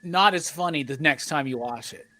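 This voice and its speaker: A man's voice: on the high side, moderate pace, crowd noise. A man with a Southern American accent, co-hosting a casual chat over a video call, swearing and laughing a lot. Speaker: co-host.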